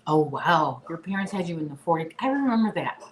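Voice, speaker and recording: A woman's voice: low voice, big pitch swings, brisk, reverberant, a little hiss or hum, low-quality recording. A woman in her late forties hosting a casual live chat, talking to her viewers and her dog. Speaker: livestream host. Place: apartment room.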